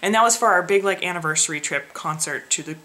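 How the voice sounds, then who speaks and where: A woman's voice: fairly low pitch, fast, sharp tone. A young woman casually vlogging, chatty and frustrated, laughing often. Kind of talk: casual pregnancy vlog.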